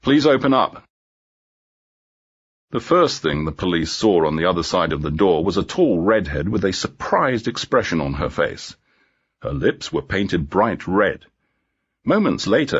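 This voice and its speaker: A man narrating a storybook for English learners in a measured, clear reading, on a dull lo-fi recording. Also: deep voice, big pitch swings.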